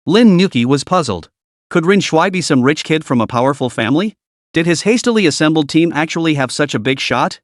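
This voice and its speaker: A man reading a comic story aloud as the narrator, in a steady scripted delivery. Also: on the high side, brisk, dry recording, studio quality.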